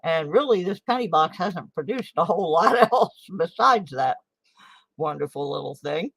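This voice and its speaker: A woman's voice: fairly low pitch, expressive, normal speed, vocal fry, slightly rough, no room sound. A woman hosting a casual home livestream, chatting in a folksy way and eating as she talks into her desk microphone. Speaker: host of a coin collecting livestream.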